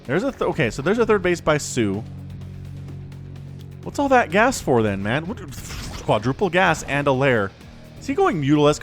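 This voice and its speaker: Lively male esports caster. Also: a little high, moderate pace, soft background music. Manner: excitable, laughs often, chatty asides. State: hiccups. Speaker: game commentator. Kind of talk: solo esports play-by-play commentary.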